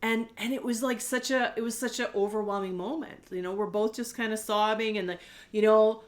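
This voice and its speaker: Middle-aged woman, heartfelt confessional host, soft and candid, prone to tears. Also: fairly high pitch, steady tone, fairly quick. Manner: gentle, candid, tearful at times, rambling with fillers. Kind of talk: heartfelt personal talk to camera.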